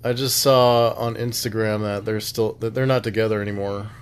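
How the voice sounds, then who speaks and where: A man's voice: lowish voice, fairly even intonation, normal speed, slight background noise. A man hosting a podcast, chatting casually in a laid-back, rambling way and laughing often. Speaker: podcast host. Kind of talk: casual chat.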